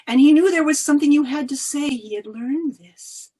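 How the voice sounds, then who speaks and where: A woman telling a folk tale over a video call, expressive, with dramatic swings of loudness. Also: high-pitched, fairly quick. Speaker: storyteller. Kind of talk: oral folk-tale storytelling.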